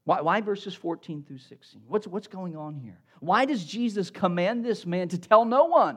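A man preaching a sermon as pastor, asking rhetorical questions, repeating words as he builds a point, and swinging between emphatic lines and quiet asides. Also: sits high, animated, normal speed, few pauses.

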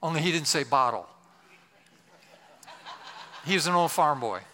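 A man's voice: a little high, lively intonation, a little slow, bright, forceful tone, big-room sound, a little hiss or hum. An older male pastor telling a story in a sermon, with humorous, self-deprecating asides.

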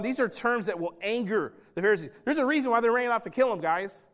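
A man preaching a sermon as pastor, emphatic and dramatic, swinging between loud stretches and hushed ones and talking straight to his congregation. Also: very high-pitched, expressive, quick pace. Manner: acts out quoted speech and addresses the congregation directly.

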